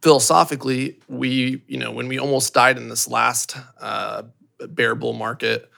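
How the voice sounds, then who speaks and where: A man's voice: medium pitch, level tone, normal speed, creaky, bright, forceful tone. A man who runs a company, a podcast guest, talking casually with many fillers and building to emphatic points. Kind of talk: casual chat.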